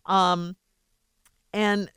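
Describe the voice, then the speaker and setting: A woman's voice: mid-range voice, level tone, drawn-out words, a bit bright, clear, resonant tone, no echo, clean studio sound. A woman co-hosting a radio advice show, blunt and scolding, who repeats her points. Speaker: radio co-host giving advice. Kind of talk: call-in radio advice talk.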